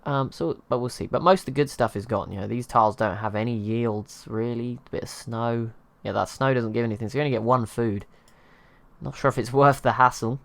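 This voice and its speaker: A man's voice: mid-range voice, fairly quick, vocal fry, dry recording. Rambling man narrating strategy gameplay. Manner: rambling, self-deprecating, chuckles at himself. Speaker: gaming channel host. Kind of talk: casual gameplay commentary.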